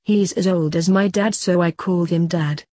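A woman voicing an awkward, impatient young man with a killer's past, in a husky voice. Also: lowish voice, steady tone, normal speed, warm tone, no room sound, clean studio sound, lightly acted.

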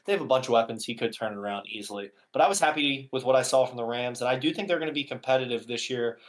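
A man's voice: medium pitch, racing. A man co-hosting a sports podcast, chatting casually and talking through his opinions at length. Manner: thoughtful, explains his opinions. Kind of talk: casual chat.

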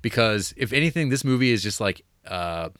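A man's voice: lowish voice, expressive, a little fast, a bit bright, no room sound, clean studio sound. A man co-hosting a podcast, chatting casually about a movie, rambling with fillers, restarts and laughs. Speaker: podcast co-host.

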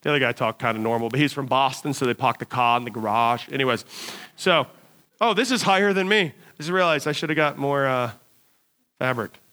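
Bright-voiced man telling a sermon story. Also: mid-range voice, a little fast. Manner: animated storyteller acting out his own shouts. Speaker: preacher.

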